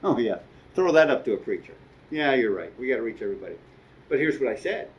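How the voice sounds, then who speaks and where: A man's voice: mid-range voice, lively intonation, quick pace, lo-fi sound, a little hiss or hum. A middle-aged man preaching a sermon as a guest speaker, conversational, with asides and quoted dialogue.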